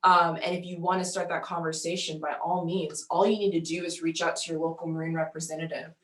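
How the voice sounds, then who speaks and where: A woman, a military band musician and outreach representative, speaking on an online panel in a measured, fluent way. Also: on the low side, level tone. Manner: measured and fluent, with occasional ums. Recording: roomy echo.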